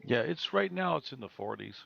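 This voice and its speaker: A man's voice: medium pitch, sing-song, fairly quick, vocal fry, fairly bright tone, no echo, highs cut off. A man, an amateur astronomer, talking terse and matter-of-fact on a voice call. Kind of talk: casual chat over voice call.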